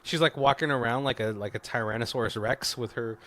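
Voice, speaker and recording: Animated man retelling a film, laughing. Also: mid-range voice, a little fast, a little hiss or hum. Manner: animated retelling, acts out lines from scenes, laughs often. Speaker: podcast co-host. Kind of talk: casual film commentary chat.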